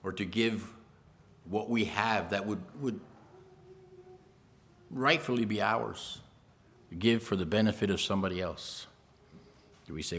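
Deep-voiced preacher guy giving a sermon, emphatic, repeats himself a lot, talks right to the congregation. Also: unhurried, long pauses, fairly bright tone. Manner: emphatic, repeats phrases, addresses the congregation directly.

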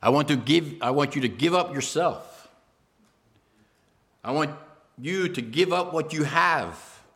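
Higher voice, earnest teacher giving a tough order, played by a preacher, urgent and repeating himself. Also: male voice, lively intonation, measured pace, a bit bright. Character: earnest male teacher giving a hard command.

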